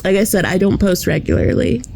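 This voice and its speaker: A woman's voice: medium pitch, lively intonation, brisk, gravelly, darkish tone, a little hiss or hum. A young woman vlogging casually, rambling and chatty, with frequent laughter between thoughts. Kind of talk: casual vlog chat.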